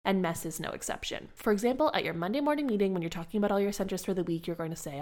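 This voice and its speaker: Calm encouraging woman educator. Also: lowish voice, rapid-fire, hardly any pauses. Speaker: early childhood educator. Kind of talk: teaching talk to educators.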